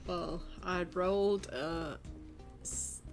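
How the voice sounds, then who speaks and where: A woman's voice: on the low side, steady tone, extremely slow, gravelly, music in the background. A woman player in a tabletop role-play, wry and laughing, thinking aloud about her character's moves.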